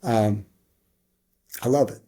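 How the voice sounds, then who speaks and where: A man's voice: mid-range voice, takes it slowly, warm tone. A man hosting a casual wrestling review, running through the matches move by move, with frequent restarts and side tangents. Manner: rambling, with frequent restarts and asides; rattles off move-by-move calls in bursts.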